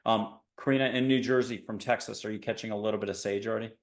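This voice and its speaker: A man's voice: lowish voice, steady tone, fast, echoey room. A man hosting an interview show in a casual, rambling way, cracking dad jokes. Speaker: podcast host. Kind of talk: casual video-call interview.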